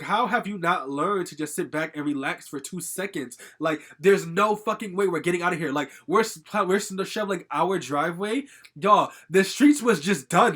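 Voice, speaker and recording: A man's voice: high voice, bright, forceful tone. A young man telling a personal story in a casual, rambling vlog monologue, full of "like" fillers and swearing, agitated and venting. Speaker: storytime vlogger.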